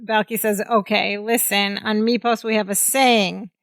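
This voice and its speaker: A woman co-hosts a casual podcast recap, thinking aloud with plenty of soft fillers. Her voice sits at an ordinary pitch and sounds dry and close to the mic. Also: steady tone, normal speed, dry recording. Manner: chatty, talks things through with hedging fillers. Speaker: podcast co-host.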